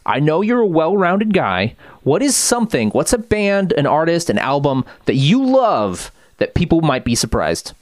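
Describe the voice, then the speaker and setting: A man's voice: on the high side, huge pitch swings, moderate pace, hardly any pauses, no echo. A man hosting an interview, asking questions in a friendly, encouraging way. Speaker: interview host. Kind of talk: casual interview chat.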